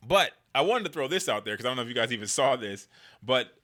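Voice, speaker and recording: A man's voice: mid-range voice, lively intonation, fast, pushed and bright. A man giving casual political commentary in a slangy, conversational way, riffing loosely as he goes.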